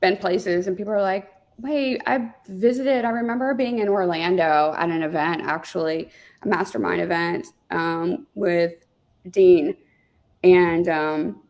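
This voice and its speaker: Gravelly-voiced chatty woman storyteller. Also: fairly low pitch, unhurried. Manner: chatty, animated storyteller with many fillers. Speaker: guest, real estate team leader. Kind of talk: casual interview storytelling.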